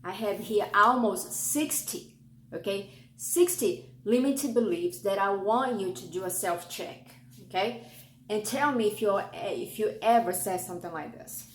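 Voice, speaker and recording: A woman's voice: medium pitch, a little slow. Woman host, Brazilian accent, earnest motivational coach, roomy echo, faint background hum. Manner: earnest, coaching, lists limiting beliefs. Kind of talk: motivational talk.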